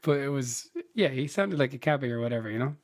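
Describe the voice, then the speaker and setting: A man co-hosting a book podcast. He laughs easily and wanders through his thoughts in casual conversation. He sits close to the mic in a dead, dry room, at an ordinary middle pitch. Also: expressive, fast, no echo. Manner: laughing, rambling storyteller. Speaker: podcast co-host. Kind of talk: casual chat.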